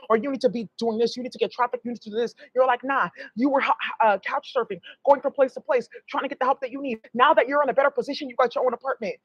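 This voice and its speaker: A woman's voice: sits high, breathy edge, no echo, lo-fi sound. A woman giving a blunt, rambling tarot reading to her viewers, emphatic and profane. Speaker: tarot reader.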